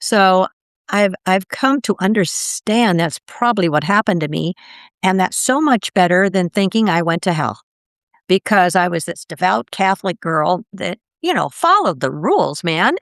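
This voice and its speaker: An older woman, a podcast guest, telling her story in casual conversation and acting out quoted voices with big jumps in pitch. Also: expressive, normal speed, dry recording, clean studio sound.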